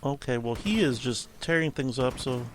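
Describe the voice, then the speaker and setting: A man talks through his gameplay in a loose, rambling way, amused at his own slips. His voice sits at an ordinary middle pitch. There is a faint hiss under the recording. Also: animated, moderate pace. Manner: rambling, self-amused, thinking aloud. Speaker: gameplay commentator. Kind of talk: casual let's-play commentary.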